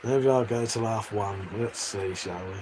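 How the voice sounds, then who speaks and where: Speaking at a measured pace in a lowish voice, an Englishman livestreams with crude, casual chatter. He laughs a lot and reads out messages from chat over faint background noise.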